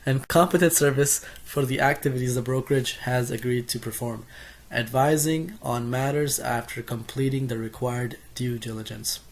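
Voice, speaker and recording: A man's voice: medium pitch, steady tone, moderate pace, slight background noise. A young man reading through course notes as a casual spoken summary, reading lists steadily with small self-corrections and asides.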